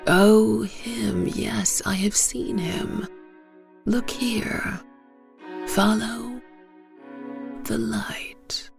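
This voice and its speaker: An ancient oak spirit speaks in a croaking, whispered role-play, voiced by a woman storyteller. The words come slow and cryptic, low and gravelly under the breath. Soft violin music drifts faintly behind. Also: lively intonation, heavily acted. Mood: hushed, cryptic.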